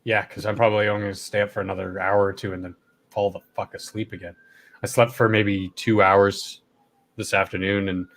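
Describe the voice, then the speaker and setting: A man's voice: lowish voice, little pitch movement, brisk, a bit bright, slight background noise. A man hosting a casual late-night stream, his throat worn and stuffed up from long talking. He rambles, coughs now and then and swears casually. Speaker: stream host.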